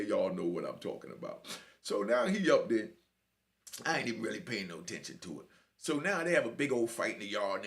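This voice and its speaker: A middle-aged man telling a prison story in a casual, slangy, animated way, full of asides. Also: lowish voice.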